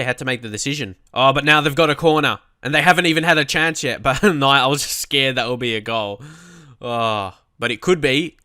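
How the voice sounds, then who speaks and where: A young man giving loose, excitable commentary on the football match he is managing, swinging from hopeful chatter to frustrated swearing. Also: on the high side, dry recording, studio quality. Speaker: gaming commentator. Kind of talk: live match commentary while playing.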